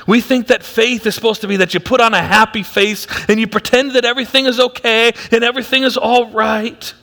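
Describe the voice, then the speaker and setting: A male pastor preaching a sermon with emphatic delivery that swings from loud to hushed, in a church auditorium. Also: very high voice, fairly even intonation, fairly quick. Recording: long hall reverb.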